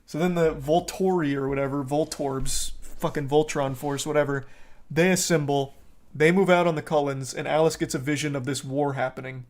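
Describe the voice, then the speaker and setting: Young male streamer, slightly high voice, sarcastic and profane, rambling casual chat. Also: fairly even intonation, moderate pace, a little mellow.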